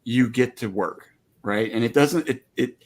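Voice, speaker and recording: Brief: American homesteading dad, earnest and reflective, mid-pitched. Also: male voice, a little slow, breathy edge. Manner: earnest, reflective, faith-minded talk. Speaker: guest homesteader. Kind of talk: casual chat.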